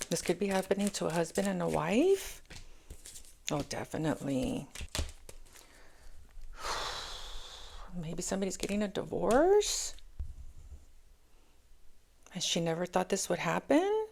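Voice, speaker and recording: A woman's voice: on the low side, sing-song, unhurried, creaky, long pauses, a little mellow, a little hiss or hum. A woman doing a casual, chatty tarot reading, often checking in with "okay?" and calling her listeners angels. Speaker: tarot reader.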